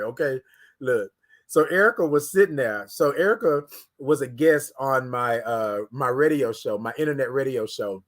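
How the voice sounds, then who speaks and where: A man hosting a casual morning livestream, telling a story with lively quoted voices and repeated words. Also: on the high side. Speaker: host.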